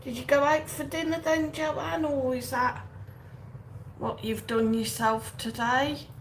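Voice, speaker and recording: Slow-talking high-voiced woman host. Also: flat delivery, rough recording. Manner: chatty, greets viewers by name. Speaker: livestream host. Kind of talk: casual live-stream chat, reading comments. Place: outdoors or home in Benidorm. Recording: faint background noise.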